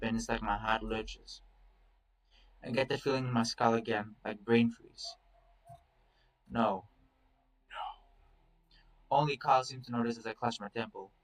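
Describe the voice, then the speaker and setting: A man's voice: mid-range voice, a bit bright, far from the mic, rough recording. A man reading a first-person story aloud in a casual, profane, confessional way. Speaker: story reader.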